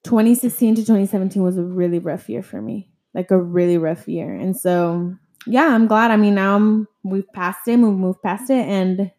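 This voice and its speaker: A woman's voice: medium pitch, moderate pace, hardly any pauses, dark tone. A young woman telling a personal story in casual chat, rambling, filler-heavy and swearing freely. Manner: chatty storytelling full of "like" and swearing.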